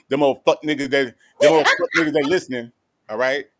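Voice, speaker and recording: A man's voice: mid-range voice, a little fast, noisy background. Joking man with a street drawl. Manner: mocking, laughing often, drops into put-on street voice. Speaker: co-host. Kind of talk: joking livestream chat.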